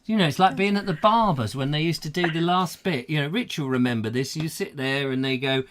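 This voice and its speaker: A man's voice: fairly high pitch, brisk, a bit bright, a little hiss or hum. A man hosting a comic chat show, jokey and rambling in his banter. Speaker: host.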